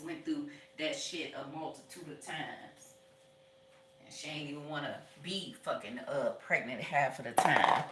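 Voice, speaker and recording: A woman vlogger talks to herself in a loose, profane, joking ramble while doing chores. She is picked up from far away in a very echoey room, with loud background noise and a lot of space around her voice. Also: sits low. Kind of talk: casual rambling monologue while cleaning.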